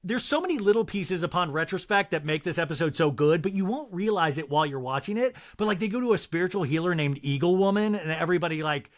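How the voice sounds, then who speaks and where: A man's voice: high voice, expressive, quick pace, few pauses. A young man hosting a podcast, gossiping about reality TV in casual chat, often slipping into mock impressions. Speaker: podcast host.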